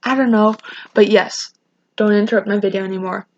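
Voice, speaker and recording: A woman's voice: mid-range voice, fairly even intonation, brisk, muffled recording. A teenage girl vlogging a casual storytime rant, rambling with many restarts and acting out what people said. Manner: rambling, restarts often, quotes people in raised voices.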